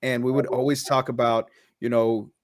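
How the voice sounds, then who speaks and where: A man in a casual podcast talk, telling a personal story with blunt, profane candor and loose restarts. His pitch sits in the middle, and the sound is close and dry. He sounds a little choked up underneath. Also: little pitch movement, moderate pace, no room sound.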